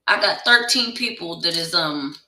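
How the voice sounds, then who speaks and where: Blunt, gravelly tarot reader ranting. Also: medium pitch, expressive, moderate pace, bright, forceful tone, far from the mic. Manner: blunt and profane; heated, insistent. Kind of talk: casual direct-to-camera rant. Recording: echoey room, voice away from the mic.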